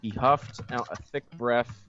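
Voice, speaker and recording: A man's voice: mid-range voice, fairly even intonation, a little slow, fairly bright tone, lo-fi sound, slight background noise. A man reading a fanfiction aloud for laughs, stopping now and then to joke about it. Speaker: reader of fanfiction. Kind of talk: comedic dramatic reading with banter.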